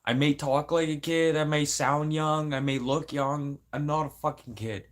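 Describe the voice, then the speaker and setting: A man's voice: fairly high pitch, fairly even intonation, moderate pace. A man, crying and venting in an angry, profane, rambling livestream rant. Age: 40s.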